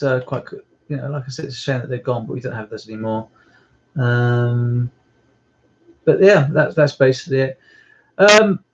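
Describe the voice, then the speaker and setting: A man chatting casually on a live stream from home, rambling and hesitant with many ums. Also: medium pitch. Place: at home indoors. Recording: slightly muffled lo-fi stream audio.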